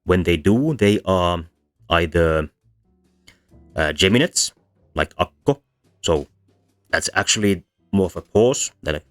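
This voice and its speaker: A man with a low voice delivers a casual, hesitant lecture on linguistics at a measured pace, pausing often and filling the talk with frequent ums and restarts. Soft background music plays beneath his voice.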